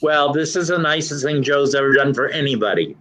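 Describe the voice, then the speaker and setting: A man's voice: fairly high pitch, a little fast, a crowd in the background, low-quality recording. A man guest telling a heartfelt personal story in casual conversation. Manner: earnest, heartfelt.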